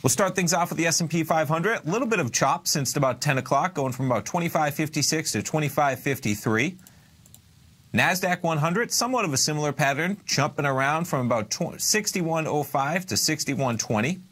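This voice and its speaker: A man hosting a live market news update, reading prices in brisk, casual broadcaster patter with a dry sarcastic edge. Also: fairly high pitch, expressive, a bit bright, breathy edge.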